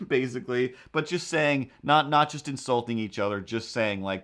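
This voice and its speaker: A man's voice: mid-range voice, normal speed, few pauses, fairly bright tone. A man talking in a casual, rambling monologue, often restarting his sentences and acting out what other people said. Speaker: comic artist and vlogger.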